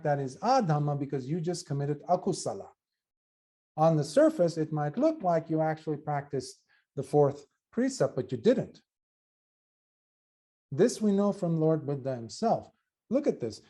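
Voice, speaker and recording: A man with a fairly high, very lively voice gives a dharma talk as a Buddhist monk teacher. His tone is warm and mellow, and he speaks earnestly. He sometimes restarts a phrase while he searches for the right words. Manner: animated, earnest, acts out quoted voices.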